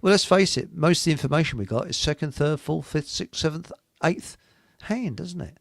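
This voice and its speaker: A man's voice: on the high side, expressive, gravelly, dry recording, clean studio sound. A British man hosting a casual chat show, joking and rambling, reading out viewer comments. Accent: British English. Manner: joking, rambling, quick laughs. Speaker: show host.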